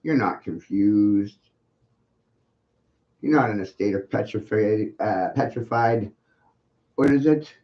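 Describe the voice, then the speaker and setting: A man's voice: lowish voice, takes it slowly, long pauses. A man hosting a livestream, delivering a taunting monologue full of repetition and rhetorical questions. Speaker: livestream host. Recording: muffled lo-fi stream audio.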